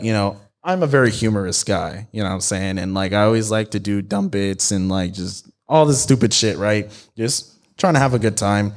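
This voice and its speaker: A young man co-hosting a podcast, telling a personal story in casual chat, slangy and animated, swearing and laughing as he goes. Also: on the low side. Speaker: podcast co-host.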